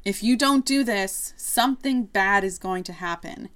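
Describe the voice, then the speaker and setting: A woman's voice: medium pitch, measured pace, fairly bright tone, lightly acted. A woman voicing a blunt female earth goddess giving a warning.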